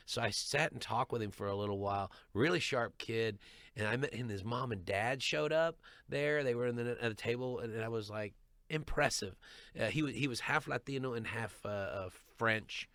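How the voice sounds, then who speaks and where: A middle-aged man, a stand-up comedian, telling stories in an animated way and often repeating words as he restarts. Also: mid-range voice, fairly quick, dry recording, studio quality. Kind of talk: storytelling chat.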